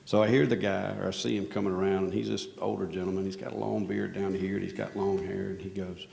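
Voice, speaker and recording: Man, gravelly low voice, rambling self-deprecating storyteller, big-hall echo. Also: level tone, fast, few pauses, a little mellow, a little hiss or hum. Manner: rambling, self-deprecating, lots of restarts and "you know". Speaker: conference speaker, operations executive. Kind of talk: casual storytelling on stage. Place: conference hall stage under bright lights. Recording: echoey conference hall.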